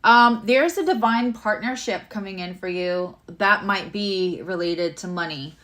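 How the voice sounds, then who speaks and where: A woman's voice: medium pitch, unhurried, a bit bright, a little hiss or hum. A woman giving a casual live tarot and astrology reading, chatty and rambling with many fillers and asides.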